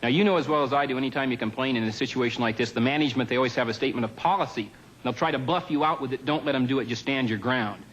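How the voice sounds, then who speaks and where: A male comedian works through a stand-up set on a TV studio stage. His delivery is dry and deadpan, full of offhand asides, and his pitch sits in a middle range for a man. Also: racing, highs cut off, a little hiss or hum.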